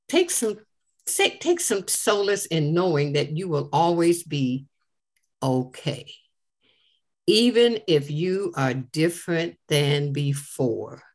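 A woman's voice: on the low side, lively intonation, takes it slowly. An older woman and grandmother giving an earnest, inspirational devotional talk, repeating key phrases for emphasis. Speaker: devotional speaker.

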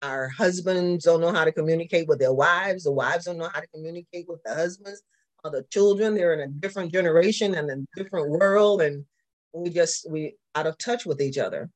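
A man's voice: on the high side, brisk. A man with a Southern accent, teaching a church class and asking the group questions as he goes. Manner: repetitive, asks the class questions. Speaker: pastor.

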